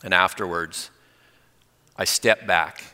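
A man preaching a sermon, animated as he tells a personal story and acts out the dialogue. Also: low voice, slow, big-room sound. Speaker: pastor.

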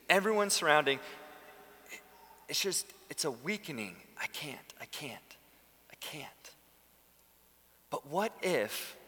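A man preaching a sermon as a pastor in a church, animated and acting out the lines he quotes. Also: on the high side. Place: church sanctuary. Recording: long reverb of a church hall.

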